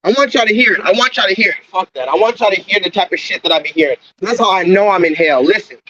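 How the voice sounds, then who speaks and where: Holding his phone at arm's length outside near a coffee shop, a man livestreams an agitated, repetitive rant, swearing often. He talks fast in a high voice, the audio is dull, and crowd noise surrounds him.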